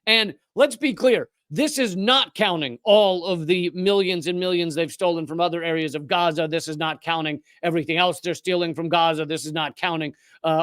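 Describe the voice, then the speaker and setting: A man's voice: a little high, moderate pace, hardly any pauses, fairly bright tone, clean tone, no echo. Indignant, sarcastic male commentator. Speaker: political commentary host. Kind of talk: scripted political commentary.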